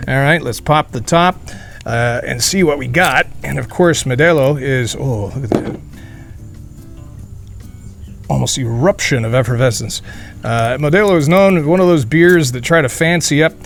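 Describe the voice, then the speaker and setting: A man talks his way through a beer review outdoors in a hot beer garden, sweating as he goes. His voice sits at an ordinary middle pitch, and he rambles along with joking asides and fillers in a loose vlog style. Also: moderate pace, vocal fry, faint music behind. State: sweating in the heat. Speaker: beer reviewer, channel host.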